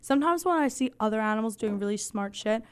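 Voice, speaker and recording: Woman host losing her voice: soft, smooth and fairly high, rambling casual chat with deadpan swearing. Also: quick pace. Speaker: podcast host.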